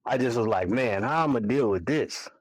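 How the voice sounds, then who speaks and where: A man in his forties, a guest on a podcast, telling a personal story in a casual, animated way and acting out his own reactions. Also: mid-range voice, normal speed, dry recording, rough recording. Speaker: podcast guest, barber and single father.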